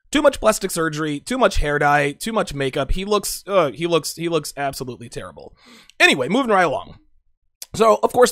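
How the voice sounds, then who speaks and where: A man's voice: fairly high pitch, fairly bright tone, no echo, studio quality. A man giving blunt, profane casual commentary on a TV show, talking straight to his viewers.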